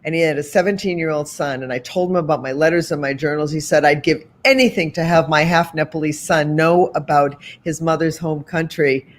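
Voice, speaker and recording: A woman's voice: sits low, brisk, few pauses, a little hiss or hum. Chatty woman guest, rambling storyteller. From Boston area. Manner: chatty, rambling, many asides and restarts. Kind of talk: storytelling in an online interview.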